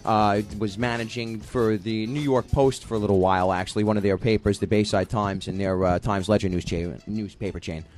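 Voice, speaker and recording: A man's voice: fairly low pitch, fairly even intonation, brisk, hardly any pauses, a little mellow, faint music behind. Wisecracking male radio guest. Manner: wisecracking, breaks into voices. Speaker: guest, voice actor and impressionist. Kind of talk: casual radio chat.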